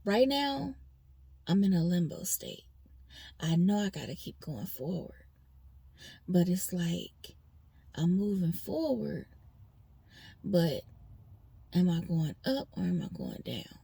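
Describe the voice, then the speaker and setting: A woman's voice: lowish voice, big pitch swings, takes it slowly, vocal fry, pauses often, dark tone, slightly rough, dry recording. A woman vlogger venting in a rambling personal monologue, talking straight to her viewers.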